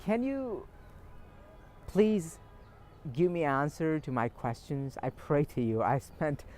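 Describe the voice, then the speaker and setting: A man's voice: a little high, big pitch swings, slow pace, darkish tone, slight background noise. A man voicing a humble, grateful king in a polite, earnest way as he tells a story.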